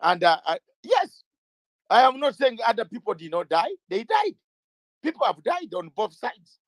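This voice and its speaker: A man's voice: very high voice, huge pitch swings, moderate pace, dry recording, low-quality recording. A man speaking as an interview guest, emphatic and fiery, hammering his points with repeated rhetorical questions and sometimes raising his voice. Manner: repeats words when starting out. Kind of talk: impassioned political talk.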